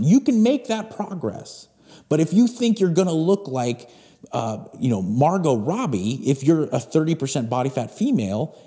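A man's voice: on the high side, warm tone. A man in his forties hosting a podcast, giving a blunt, emphatic motivational talk and swearing freely. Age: 40s. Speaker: podcast host. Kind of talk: motivational monologue.

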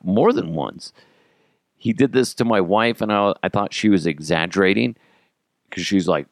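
A man hosting a podcast, telling profane, animated comedic stories about parenting and acting out the quotes. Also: lowish voice, moderate pace, creaky, no room sound, studio quality. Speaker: podcast host. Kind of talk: casual comedic storytelling.

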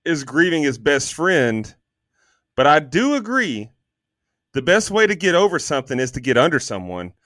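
A man co-hosting a podcast, chatting casually about a movie, animated, swearing freely and filling gaps with ums. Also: fairly high pitch, normal speed, no room sound, studio quality. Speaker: podcast co-host. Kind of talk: casual movie review chat.

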